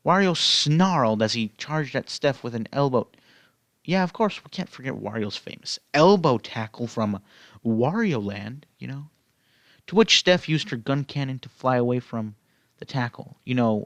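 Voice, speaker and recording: Guy reading fanfic out loud, rambly asides, dry close mic. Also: medium pitch, dry recording. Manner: rambling asides, many fillers like "you know". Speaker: fan fiction reader. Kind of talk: casual read-aloud with commentary.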